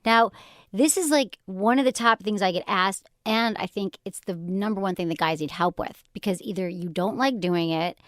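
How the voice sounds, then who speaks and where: A woman's voice: mid-range voice, normal speed, no room sound. An American woman hosting a sex advice podcast, telling a story in casual studio chat and acting out the voices of others. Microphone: studio microphone.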